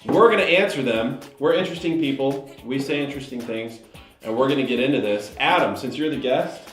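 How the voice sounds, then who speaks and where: A man's voice: medium pitch, brisk. A man hosting a casual chat show, upbeat and playful, singing out some lines and reading a sponsor spot. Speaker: host. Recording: echoey room, faint music.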